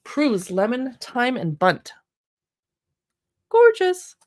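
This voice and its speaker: A woman's voice: mid-range voice, expressive, normal speed. A chatty woman hosting a casual livestream, leafing through a cookbook and exclaiming over the pictures with self-deprecating asides. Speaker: livestream shopping host.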